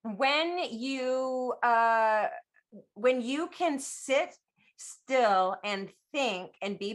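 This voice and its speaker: A woman improvising as a player in a tabletop game, talking in halting, meandering bursts. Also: medium pitch, pushed and bright. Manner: halting, full of fillers and restarts. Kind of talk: improvised tabletop role-play.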